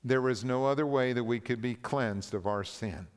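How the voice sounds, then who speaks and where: A man preaching a sermon, reading a story and scripture aloud in a slow, earnest, deliberate manner. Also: medium pitch, smooth. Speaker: pastor. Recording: long reverb of a large hall.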